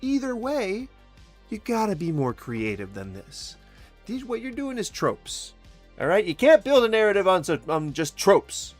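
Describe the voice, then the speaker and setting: A man's voice: high-pitched, very animated, a little slow, soft background music. A man commentating on video clips with mocking sarcasm, swearing and mimicking the people he reacts to. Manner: mocking, mimics others in taunting voices, swears.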